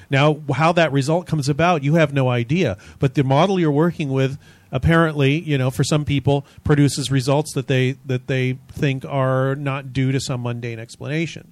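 A chatty man co-hosting a talk show, with a joking manner and a mid-pitched voice. He is recorded dry and close, with no echo. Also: a little mellow. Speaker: podcast co-host. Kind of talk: casual panel discussion.

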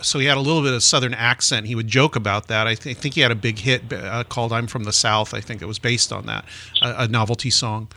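A man's voice: medium pitch, fairly even intonation, quick pace, few pauses, sharp tone. A man hosting a podcast, chatting casually and sharing facts about old music. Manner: chatty, informative, with restarts. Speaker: podcast host. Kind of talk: casual chat.

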